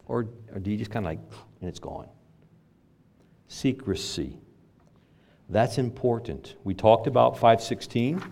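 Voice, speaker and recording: An older man preaching to his congregation in a low voice. He talks in a conversational way, pushes some phrases out loud for emphasis, then drops into quiet asides. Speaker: pastor. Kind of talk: sermon.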